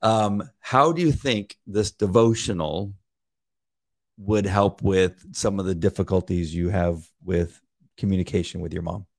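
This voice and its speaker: Very deep, gravelly man. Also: a little slow. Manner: gentle, hesitant questioner with many fillers. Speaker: podcast co-host. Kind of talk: casual conversation.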